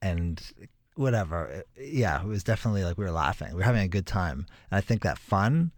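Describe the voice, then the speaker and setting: A man with a deep, low voice talks as an interview guest, animated and given to emphatic exclamations. He laughs easily. The sound is close and dry. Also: brisk, no echo. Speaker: musician guest. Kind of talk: casual interview chat.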